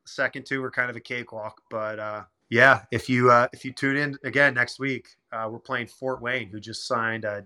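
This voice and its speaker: A young man telling stories in a casual interview, animated and quoting people in quick chatty bursts. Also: mid-range voice. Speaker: guest, pro hockey player.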